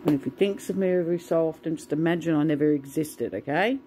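A woman's voice: low-pitched, quick pace, mellow, a little hiss or hum, rough recording. A woman venting in a casual, swear-filled monologue to the camera. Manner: swears a lot, ranting. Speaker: vlogger.

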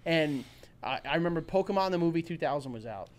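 A man's voice: fairly high pitch, quick pace. A man hosting a casual podcast, telling stories with lots of swearing and laughter. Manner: animated storyteller, swearing, laughing often. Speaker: podcast host.

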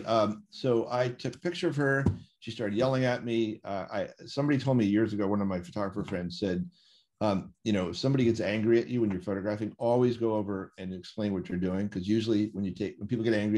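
American man with a low voice telling rambling stories. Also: steady tone, quick pace, a little mellow. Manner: rambling anecdotes with many fillers and self-corrections. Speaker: interview guest. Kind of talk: storytelling in a conversation.

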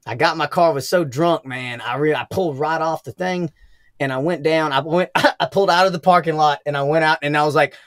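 A man's voice: a little high, brisk, no echo, clean studio sound. A young man with a Southern US accent, telling wild stories as a podcast guest, swearing a lot and laughing often. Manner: profane, animated storyteller, laughs often. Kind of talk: casual storytelling interview.

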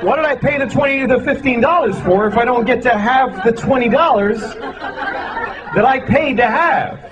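Exasperated profane stand-up comic man. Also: very high voice. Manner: exasperated, profane storytelling with quick asides. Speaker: stand-up comedian. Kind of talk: stand-up comedy set. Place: comedy club stage with a laughing audience. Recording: dull lo-fi live recording with loud crowd noise.

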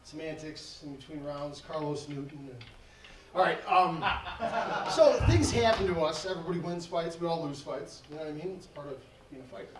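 A man's voice: a little high, animated, brisk, crowd noise. A man telling a rambling story to a live audience, laughing and acting out the dialogue. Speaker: event speaker telling a fight story. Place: event hall. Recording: echoey hall, distant mic, faint noise.

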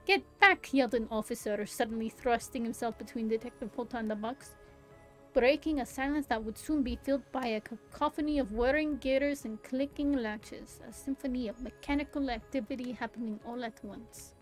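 A young woman streamer with a slightly high, slightly mellow voice reads a game's story aloud at a moderate pace. Her intonation is fairly even, yet the reading is theatrical, broken up by occasional giggly, amused asides. The recording is low-quality, with faint music in the background.

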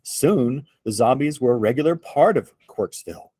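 A man reading a picture book aloud to children in an expressive storytelling voice. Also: mid-range voice, slightly rough, no room sound. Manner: slow, expressive read-aloud.

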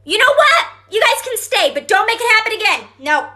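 A bossy young girl orders her friends around in a whiny, dismissive tone, as a woman acts her out. Her voice is very high and bright. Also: big pitch swings, brisk, heavily acted. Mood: indignant. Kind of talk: comedy skit.

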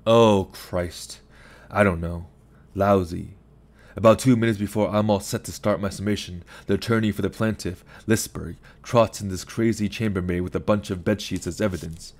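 A man's voice: low voice, steady tone, moderate pace, darkish tone. A man doing a ranting, bitter lawyer. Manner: agitated, swearing, self-pitying rants. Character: bitter drunk-sounding male lawyer, ranting.

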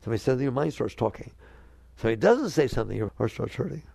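A man with a deeply gravelly, mellow voice gives a spiritual talk, his pitch rising and falling in lively swings. He keeps putting questions to his listeners and slips into the inner voices he describes. The sound is close and dry. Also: racing, no echo. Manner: animated, asks the audience questions; acts out quoted inner voices. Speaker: spiritual teacher. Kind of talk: spiritual talk to a live audience.

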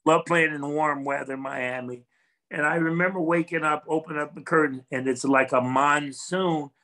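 An older man with a bright, forceful voice, pitched a little high, talks through his memories in an easy interview. He is earnest and reflective and often restarts his sentences. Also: steady tone, moderate pace, poor audio. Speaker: former football player, guest. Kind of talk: casual interview chat.

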